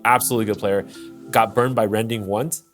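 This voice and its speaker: A lower-pitched man in casual podcast talk, animated and rambling with filler words. There is a faint bed of music under him. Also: a little fast. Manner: excitable, lots of "like" fillers. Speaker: podcast co-host. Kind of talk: casual chat.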